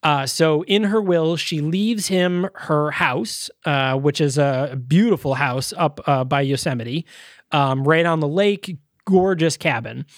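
A man's voice: a little high, measured pace, no room sound, studio quality. A man co-hosting a podcast, casually reviewing a movie and retelling its scenes with lots of uh and um fillers. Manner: loose retelling full of uh and um fillers. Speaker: podcast co-host.

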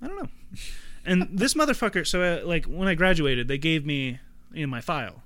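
A young man co-hosting a podcast, telling stories in a flat, offhand way with plenty of crude swearing. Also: a little high, fairly quick, dry recording. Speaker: podcast co-host. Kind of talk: casual chat.

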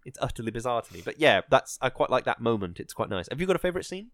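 A man's voice: medium pitch, sing-song, very fast, a bit bright, no echo, studio quality. A man chatting casually about a film, rambling and hesitant with many fillers and restarts.

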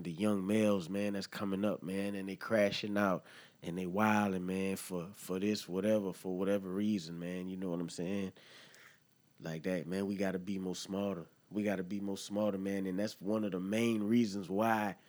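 A man's voice: fairly low pitch, darkish tone. A man hosting a solo podcast, talking in a heated, earnest way and swearing often. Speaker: podcast host. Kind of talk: emotional solo podcast monologue.

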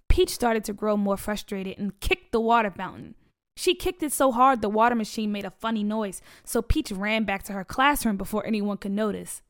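A woman with a mid-range voice reads a children's story aloud at normal speed. Her reading is expressive and animated.

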